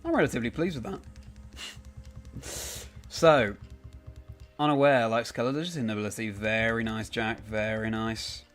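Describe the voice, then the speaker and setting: A man's voice: fairly low pitch, steady tone, moderate pace, pauses often, a bit bright, soft background music. A young man chatting casually on a live stream, rambling and correcting himself as he answers viewers by name.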